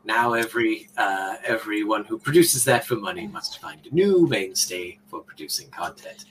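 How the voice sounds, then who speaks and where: A man playing a smug, evasive male trickster god in dry, deadpan cosplay banter. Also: fairly low pitch, normal speed. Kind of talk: in-character cosplay chat. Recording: noisy background.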